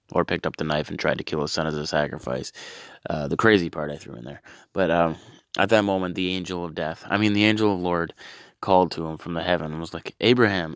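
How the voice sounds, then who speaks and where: A man performing a comedy bit, reading scripture and then his own updated versions, in a deadpan, low-key way with exasperated outbursts. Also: no room sound, studio quality.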